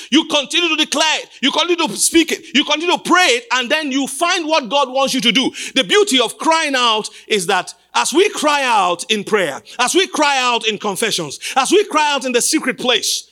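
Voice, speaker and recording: A man preaching a sermon as pastor, emphatic and repetitive, building up to shouts. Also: very high voice, lively intonation, fairly quick, hardly any pauses. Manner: emphatic, repeats phrases, rises to shouts.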